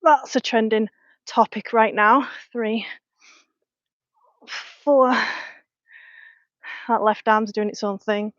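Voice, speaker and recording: A woman with a Lancashire accent talks to her viewers while she trains at home, in a slightly high, frank and chatty voice with frequent laughs. The sound is dry and close on a small clip-on mic, with a dull, lo-fi live-stream quality. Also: fairly even intonation, slow pace, long pauses, fairly bright tone, no room sound. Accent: Lancashire English. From North West England. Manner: chatty and frank, laughing often, talking between reps. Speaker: fitness coach and personal trainer. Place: home, indoors.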